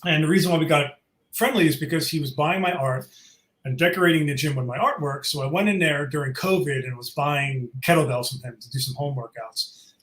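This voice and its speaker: A man's voice: a little high, a little fast, a bit bright, echoey room, poor audio. A man casually chatting as an event organizer, enthusiastic and rambling with fillers, his throat a little sore. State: sore throat, sucking a cough drop. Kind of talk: casual interview chat.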